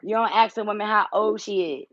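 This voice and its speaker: A woman's voice: mid-range voice, brisk, a bit bright, dry recording, dull audio. A woman hosting a casual livestream from home, blunt and teasing, swearing freely as she talks. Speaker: tarot reader and channel host.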